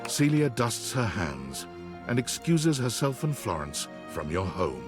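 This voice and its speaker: A man's voice: fairly low pitch, very animated, measured pace, over music. A man narrating a video game in a wry, storytelling manner. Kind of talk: scripted narration.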